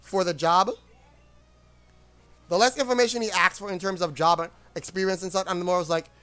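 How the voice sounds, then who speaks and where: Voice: medium pitch, fairly even intonation, brisk, fairly bright tone, clean tone, faint music behind. A streamer in a casual livestream rant, rambling and blunt, with frequent swearing.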